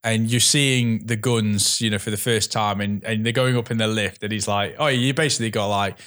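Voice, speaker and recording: A man's voice: on the low side, moderate pace. A man co-hosting a casual film podcast, retelling scenes with frequent laughs and some swearing. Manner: animated storyteller, laughs often, swears. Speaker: podcast co-host.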